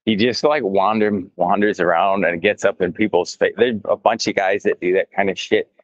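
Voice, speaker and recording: Casting: deep-voiced man, profane rambling vlogger, dry muffled phone audio, outdoors. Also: steady tone, normal speed, no echo. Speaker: mycology channel host. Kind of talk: casual walking livestream. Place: outdoors in botanical gardens.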